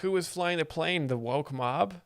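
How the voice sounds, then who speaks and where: A man's voice: fairly high pitch, a little slow, no echo, clean studio sound. A man hosting a live stream, commenting playfully on a comedy clip and laughing often. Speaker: joke explainer host.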